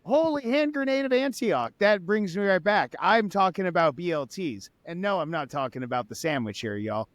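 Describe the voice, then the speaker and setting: A man's voice: fairly high pitch, normal speed, hardly any pauses, a bit bright, no room sound. A man co-hosting a podcast, chatting casually, swearing freely and saying y'all, with a sponsor read. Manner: laid-back, swears casually, says y'all. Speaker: podcast co-host.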